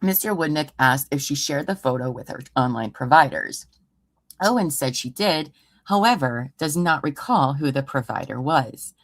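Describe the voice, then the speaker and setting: A woman's voice: deep voice, lively intonation, moderate pace, no echo. A woman hosting a true crime livestream from home, reading a report aloud and breaking off into sarcastic, exasperated asides. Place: home room.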